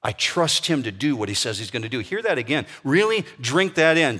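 Middle-aged Midwestern pastor, mid-range voice, chatty storytelling sermon with questions to the congregation. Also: male voice, medium pitch, lively intonation, a little fast, hardly any pauses, sharp tone, slightly rough. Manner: storytelling, conversational, asks the audience questions.

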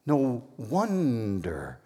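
Man preaching, lively swooping delivery, emphatic, long hall echo. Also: mid-range voice, extremely slow, husky. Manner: emphatic, swings between loud declarations and quiet asides. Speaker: pastor. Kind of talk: sermon. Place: church hall with a congregation.

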